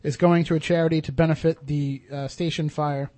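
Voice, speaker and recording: A man's voice: on the high side, level tone, a little fast, a little mellow. A man hosting a radio talk show, chatting casually with many fillers and restarts.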